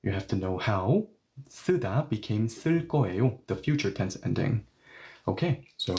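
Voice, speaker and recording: Mellow-voiced man teaching grammar. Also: on the low side, lively intonation, vocal fry. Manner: patient step-by-step explaining, repeating example sentences slowly. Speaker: Korean language teacher. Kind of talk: online grammar lesson.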